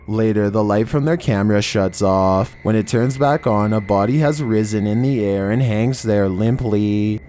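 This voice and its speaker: A man narrating a scripted horror video countdown in a measured, ominous way, drawing out each entry title. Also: fairly low pitch, darkish tone, slight background noise. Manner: measured, ominous delivery with slowed, drawn-out titles.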